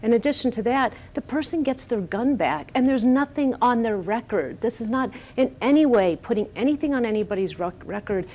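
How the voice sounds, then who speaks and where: A woman's voice: fairly high pitch, animated, brisk, few pauses, mellow. A woman advocating in a panel debate, arguing earnestly and firmly. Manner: earnest, firm, persuasive. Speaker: gun-safety advocate.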